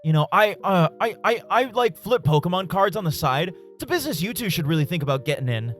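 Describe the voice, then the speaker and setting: A man's voice: high voice, very animated, fast talker, fairly bright tone, soft background music. A man voicing a pushy, boastful male store clerk in his thirties who lectures customers. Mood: bragging. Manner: preachy, boastful.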